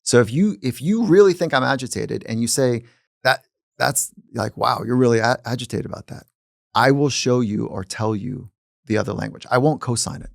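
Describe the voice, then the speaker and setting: A man who is a psychologist and podcast host, talking in a calm, reflective way in casual conversation. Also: mid-range voice, moderate pace, creaky, no room sound, studio quality. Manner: calm and reflective, speaking at length.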